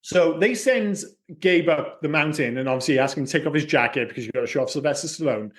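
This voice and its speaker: A man co-hosting a casual film podcast, ranting in an animated, profane way. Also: on the high side, fast talker. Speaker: podcast co-host.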